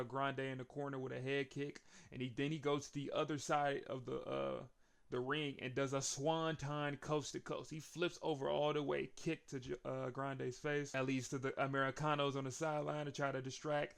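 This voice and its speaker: A young man recapping a wrestling show in casual chat, chuckling often and getting more excited as the action builds. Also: medium pitch, vocal fry.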